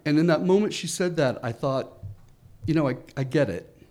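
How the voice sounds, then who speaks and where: A man telling a first-person story, animated and full of laughing asides. His voice sits on the high side for a man. He acts out his own panic with lively, quick bursts.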